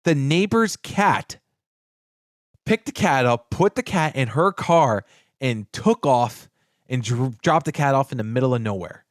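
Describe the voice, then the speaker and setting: Clean studio audio with no echo captures a male podcast co-host speaking a little slowly. Telling a story in casual, profane chat, he animatedly acts out the people he quotes, jumping widely in pitch.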